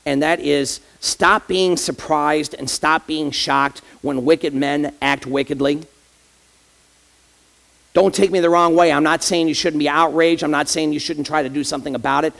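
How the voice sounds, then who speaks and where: A man's voice: fairly high pitch, steady tone, moderate pace, creaky, a bit bright. A man, an associate pastor, preaching a conversational sermon in church and addressing the congregation directly with rhetorical questions.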